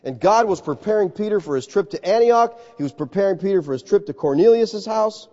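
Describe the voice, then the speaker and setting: A man preaching a sermon in an animated, conversational way, calling his listeners folks. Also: sits high, a little fast. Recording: reverberant hall, slightly dull sound.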